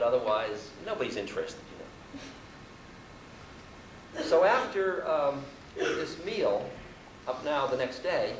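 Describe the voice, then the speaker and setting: Wry man telling a story. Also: medium pitch. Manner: wry, self-mocking, animated storytelling. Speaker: spiritual teacher. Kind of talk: storytelling talk to an audience. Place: university hall. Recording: roomy live hall recording from far off, noisy.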